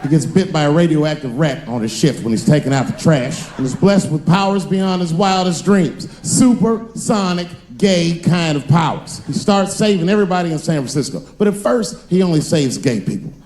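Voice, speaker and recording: A man doing a stand-up comedy set on stage, telling stories with animated delivery and voices that jump high for the characters. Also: normal speed, few pauses, a little hiss or hum. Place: comedy stage before a live audience.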